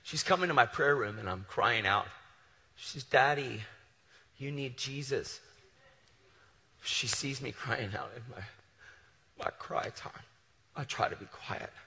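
A man preaching a passionate sermon, moving between loud declarations and hushed storytelling, recorded live in a large hall. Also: low-pitched. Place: large hall with long reverb.

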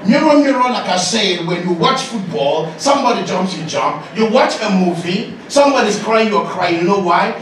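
A man giving an animated, joking masterclass as a leadership coach, often laughing and shouting. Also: sits high, normal speed, hardly any pauses. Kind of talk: lively masterclass talk to an audience. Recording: echoey hall, distant mic, noisy.

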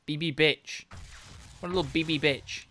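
A young man streaming a video game live, excitable and swearing a lot as he comments. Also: a little high, normal speed. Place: home gaming setup at a desk.

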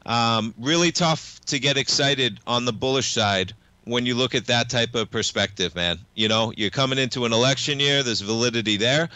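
A young man hosting a live market radio show, talking fast and casually, dropping "man" into his sentences. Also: mid-range voice, clean tone, dry recording. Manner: energetic, casual, says "man" a lot.

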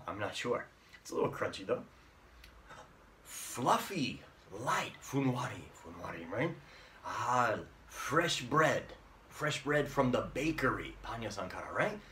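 A man teaching an online English lesson, saying words slowly and repeating them with frequent tag questions. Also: medium pitch, a bit bright, a little hiss or hum.

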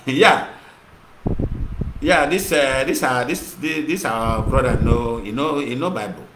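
Igbo-accented nigerian guy ranting on and on, mid pitch, roomy echo. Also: slow. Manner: mixes English and Igbo, repeats himself. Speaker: activist broadcaster. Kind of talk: impassioned monologue. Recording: echoey room with clear noise.

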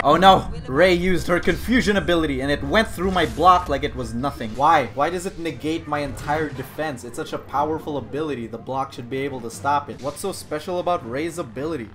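A man giving jokey, excitable gameplay commentary who often bursts into shouts. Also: a little high, a little fast, few pauses. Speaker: gaming YouTuber.

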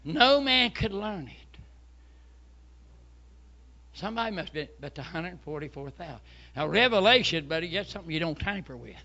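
A man, preaching a fervent sermon and often shouting hallelujah. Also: a little high, animated, normal speed, long pauses, muffled recording. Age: 70s. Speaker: pastor.

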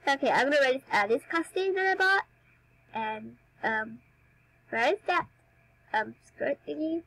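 A woman's voice: high voice, expressive, moderate pace, pauses often, fairly bright tone, no echo, poor audio. A young woman chatting casually while playing a dance game for her channel, a bit under the weather. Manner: chatty, giggly, self-mocking. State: slightly sick, coughing. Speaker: gaming YouTuber.

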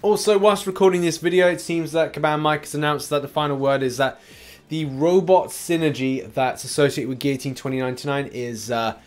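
A man's voice: a little high, steady tone, a little fast. A man hosting a casual gaming news show, rambling and laughing often, with a slight cough.

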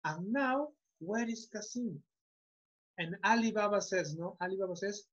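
A man's voice: sits high, normal speed, fairly bright tone, muffled recording. A Spanish-speaking man teaching English online, giving patient, repetitive instructions through a computer mic on a video call.

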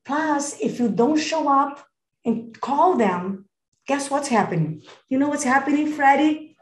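A woman gives an emphatic live coaching talk over a video call, pushing her points hard and turning to attendees by name. Her voice sits fairly high for a woman. The sound is roomy and echoey. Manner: energetic, emphatic, calls attendees by name and "darling"; acts out phone calls and client dialogue. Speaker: real estate business coach.

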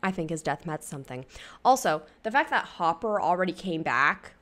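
A woman's voice: on the low side, very animated, normal speed, a bit bright. Chatty, blunt young woman reacting to a show. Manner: chatty, blunt, swears freely and laughs a lot. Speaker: YouTuber. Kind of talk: casual TV commentary.

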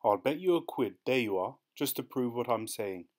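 A man's voice: mid-range voice, expressive, moderate pace, darkish tone, lightly acted. A man voicing a desperate male dog owner in an audiobook, pleading and insisting.

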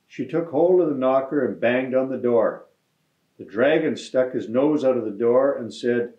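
A man, a mayor, reading a children's picture book aloud in a gentle, friendly storytelling manner. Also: medium pitch. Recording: echoey room, dull lo-fi sound.

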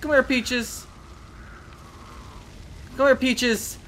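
Gamer girl talking slow and bright, coos at her pet, faint background hum. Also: high voice. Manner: chatty and excitable, shrieks at sudden scares; coaxing baby talk to an in-game pet. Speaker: gaming video host. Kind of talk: casual let's-play commentary.

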